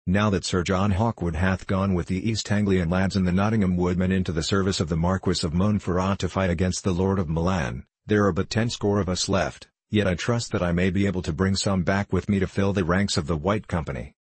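Man doing a boastful archer, hearty soldier swagger, deep husky voice, dry close sound. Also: steady tone, fairly quick, hardly any pauses, dry recording. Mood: hearty boasting. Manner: hearty, boastful, free-spoken.

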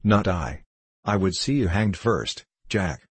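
A man's voice: low voice, animated, slow, slightly rough, no room sound, full character voice. A man reading the lines of an earnest, loyal young squire in a storybook. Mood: urgent. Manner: urgent and pleading.

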